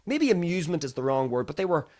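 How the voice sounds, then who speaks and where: A man's voice: fairly high pitch, very animated, fast, darkish tone. A young Irish man hosting a podcast, chatting casually and wandering off topic as he talks through the news. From Ireland. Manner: chatty and digressive, acts out other people's voices. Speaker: podcast host. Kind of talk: casual solo commentary.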